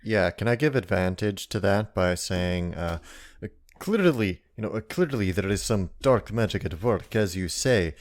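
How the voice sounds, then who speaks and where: Low-voiced man, casual game player. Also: animated, unhurried. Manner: casual, hesitant with fillers. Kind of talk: casual tabletop game chat.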